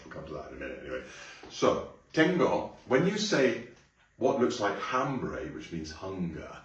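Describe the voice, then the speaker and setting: A man teaching a song to a class, explaining casually and bursting into loud sung phrases. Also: low voice, lo-fi sound. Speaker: music teacher. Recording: echoey room, mic at a distance.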